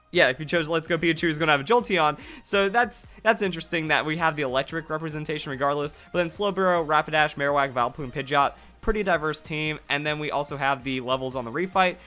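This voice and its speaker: A man giving excited, fast commentary on a game, restarting his sentences often. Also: fairly high pitch. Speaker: gaming youtuber.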